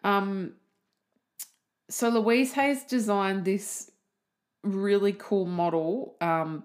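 A woman from Australia hosts a podcast, chatting on her own in a loose, giggly way and poking fun at herself as she drifts off topic. Her voice sits a little low and she takes her time. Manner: giggly, self-mocking, goes off on tangents. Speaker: podcast host. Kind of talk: rambling casual podcast monologue. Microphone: desk mic, typing heard.

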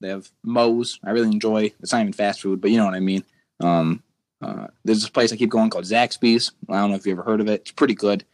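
Young male co-host, low-pitched and rapid; rambles and restarts mid-sentence. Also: fairly even intonation, darkish tone. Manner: rambling rants with many restarts. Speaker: podcast co-host. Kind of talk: casual chat.

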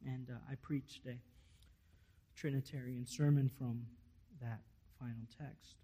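A male pastor preaching a sermon, stressing key words loudly and then dropping almost to a whisper. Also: mid-range voice, fairly even intonation, slow. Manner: emphatic, swelling to loud stresses then dropping to near-whispers.

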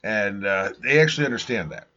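A man's voice: lowish voice, lively intonation, fairly quick, sharp tone, muffled recording. A man co-hosting a casual podcast chat, making wry jokes and laughing often. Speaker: podcast co-host.

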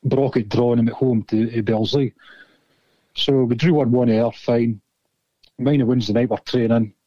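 A man's voice: medium pitch, fairly even intonation, moderate pace, mellow, no echo, lo-fi sound. A Scottish man, a former footballer, telling rambling, sweary stories in casual chat. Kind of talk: casual storytelling.

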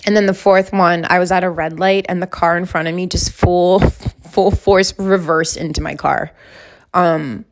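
Casting: twenties woman, low-set voice with gravelly fry, rambling Q&A vlogger. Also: fairly even intonation, measured pace. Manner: chatty, rambling, many fillers. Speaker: vlogger answering question prompts. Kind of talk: casual chat.

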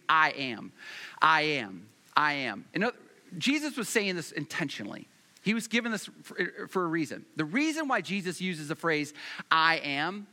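A man preaching a sermon as pastor, repeating phrases for emphasis and slowing down and rising in volume on key points. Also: sits high, bright, forceful tone.

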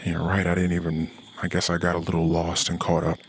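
A man's voice: sits low, completely flat delivery, brisk, a little hiss or hum. A middle-aged man, a podcast host, ranting in a profane personal monologue. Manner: profane, ranting, with heated quoted asides.

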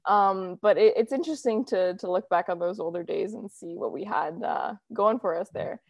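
A woman's voice: lowish voice, moderate pace, dry recording, clean studio sound. A young woman hosting a casual chat, talking loosely with many fillers. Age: young adult. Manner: chatty, lots of fillers and "you know". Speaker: podcast host.

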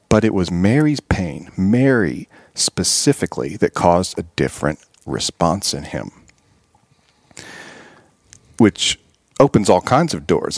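A man's voice: low-pitched, no room sound, clean studio sound. A man, a podcast guest and author, earnestly retelling scenes and reflecting on them in an interview. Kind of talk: storytelling in an interview.

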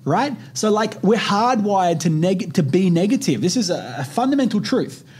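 In his twenties, this podcast host gives casual motivational talk with animation, plenty of swearing, and frequent use of "like" and "right?". He speaks at normal speed in a high, expressive, slightly mellow and husky voice.

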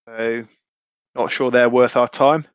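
A man speaks slowly as his tabletop game character, swearing through easygoing, matey banter. He has a clear, resonant mid-range voice with fairly even intonation, captured in a dry, slightly muffled recording.

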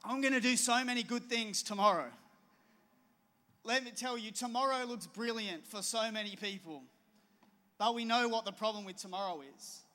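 A man's voice: extremely high pitch, moderate pace, sharp tone. A middle-aged man, preaching a sermon with a conversational, storytelling manner. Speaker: pastor.

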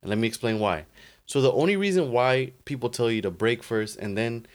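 A man's voice: mid-range voice, lively intonation, fairly quick. A young man co-hosting a podcast, laid-back in casual chat, explaining things step by step with lots of "like". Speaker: podcast co-host.

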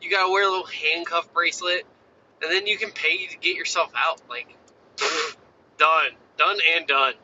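A man in his thirties chatting casually, telling animated stories about his kids and acting out their voices. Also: on the high side, normal speed, muffled recording, a little hiss or hum. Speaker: father. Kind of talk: casual chat.

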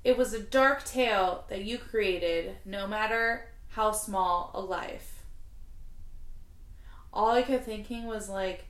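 A woman's voice: medium pitch, slow pace, a bit bright. Chatty woman in an echoey room. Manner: chatty, heavy use of "like", swears freely. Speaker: podcast co-host. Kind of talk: casual chat, recounting a case. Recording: roomy echo.

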